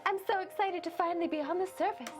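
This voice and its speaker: A woman voicing a soft, maternal goat mother in a video game. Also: very high-pitched, fast, voice pushed up. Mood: gentle. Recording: game stream with music behind.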